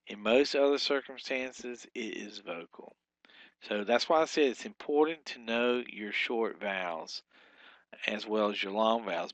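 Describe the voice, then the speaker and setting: A man teaching a recorded Hebrew grammar lesson, explaining rules step by step with frequent pauses and restarts. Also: on the low side, fairly bright tone, dry recording.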